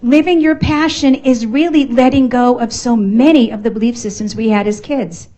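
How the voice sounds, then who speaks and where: Middle aged boston lady giving a pep talk to a crowd, punchy and playful, warm low-key tone, kinda muffled recording. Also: normal speed. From United States. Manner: animated, emphatic, playful. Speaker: motivational speaker. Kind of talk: motivational talk to a live audience. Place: function room at a networking event.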